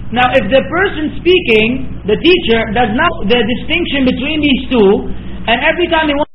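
Man, religious scholar, high-pitched, earnest explanations, echoey room, faint background hum. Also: animated, normal speed, highs cut off. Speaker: religious scholar answering questions. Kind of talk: question-and-answer rulings.

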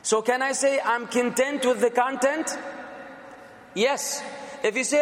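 Male lecturer, high voice, emphatic and drawn-out on key words, recorded in a reverberant classroom. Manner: emphatic, drawn-out word contrasts, bursts of fervor. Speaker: teacher. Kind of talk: classroom lecture on English for preaching. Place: lecture room. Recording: echoey room with long reverb.

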